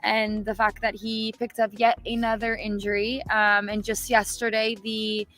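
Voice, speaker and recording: A woman's voice: a little high, flat delivery, measured pace, a bit bright, poor audio. A woman co-hosting a casual live-stream chat, upbeat and chatty with many fillers. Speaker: co-host. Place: studio.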